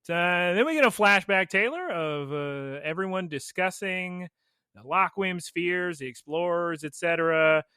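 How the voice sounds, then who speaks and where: A man's voice: sits high, animated, unhurried, bright, forceful tone, smooth, no echo, clean studio sound. A man hosting a podcast in casual chat, playful and joking as he leads the recap. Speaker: podcast host.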